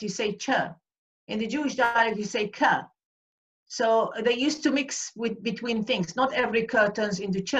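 A woman's voice: a little high, a bit bright. Woman on a muffled call. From Iraq. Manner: hesitant, searching for words with many fillers. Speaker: guest speaker. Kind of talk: online event interview. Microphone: video call.

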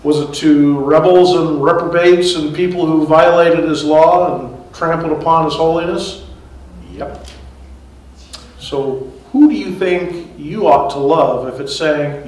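A man's voice: on the high side, steady tone, a little slow, darkish tone. A man giving a conversational sermon as pastor, chuckling at his own asides. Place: church sanctuary. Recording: echoey church hall, mic far off.

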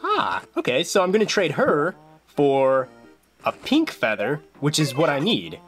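A host giving casual, jokey commentary on a game they are playing, with playful and excitable outbursts. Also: medium pitch, measured pace. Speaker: gameplay video journal host. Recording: game music clearly behind the voice.

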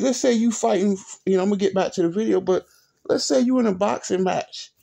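A man's voice: high-pitched, vocal fry, mellow, husky. A man hosting a sports vlog, ranting in an exasperated, repetitive, profane way with speech. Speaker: sports video host.

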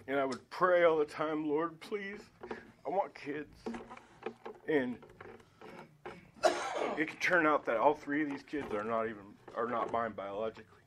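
Man, mid-pitched, halting emotional church testimony, noisy room recording. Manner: halting, emotional, many fillers and restarts. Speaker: church member giving testimony. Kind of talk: personal testimony at Sunday school. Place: church Sunday school room.

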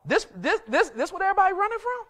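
A man's voice: very high-pitched, big pitch swings, quick pace, a bit bright, voice pushed up, full character voice. A man voicing a young shepherd who is bewildered and unafraid, stammering out incredulous questions.

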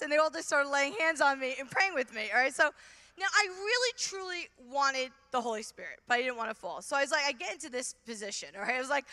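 A middle-aged woman from Brooklyn with a New York accent, giving an animated testimony talk at a conference and acting out her own reactions. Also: sits high, fast talker. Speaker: conference speaker. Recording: hall reverb from a large venue.

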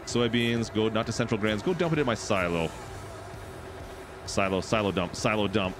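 Excitable man streaming a farming game. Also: lowish voice, normal speed, noisy background. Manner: excitable, chatty, talks to chat. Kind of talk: live gameplay commentary.

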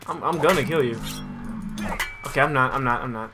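A man commentating over his own video game playthrough, excitable and quick to yelp when something surprises him. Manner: excitable, yelps and jumps in pitch when surprised. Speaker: gaming channel host. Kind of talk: let's play commentary. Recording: music playing behind the voice.

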